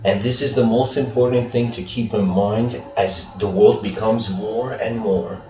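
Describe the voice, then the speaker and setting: A man's voice: fairly low pitch, steady tone, a little slow, mellow. A man giving a casual spiritual lecture, rambling with many fillers and frequent laughs. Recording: echoey room, far mic, dull sound, faint music.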